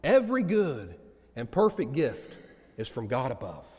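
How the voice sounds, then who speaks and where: A male pastor preaching a sermon to his congregation, telling stories with lively delivery. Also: medium pitch, unhurried, husky, long reverb tail. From United States. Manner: animated storytelling preacher.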